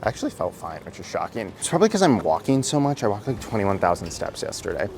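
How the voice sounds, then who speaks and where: A man from the United States in his thirties, chatting excitedly and casually while tasting pastries on city streets, swearing now and then. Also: fairly low pitch, fast talker, gravelly, slight background noise. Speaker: food vlogger. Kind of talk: casual food vlog. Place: streets and bakeries of a city, outdoors.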